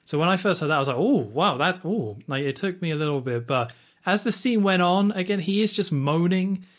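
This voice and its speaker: Male podcast co-host, slightly higher voice, animated, stammery opinions. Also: fast. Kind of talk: casual film review chat.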